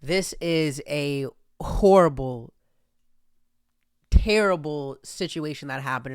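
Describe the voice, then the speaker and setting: A man's voice: on the high side, takes it slowly, smooth, no room sound, studio quality. A man hosting a stream, giving casual reaction commentary in a rambling, sarcastic, exasperated way. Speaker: streamer host.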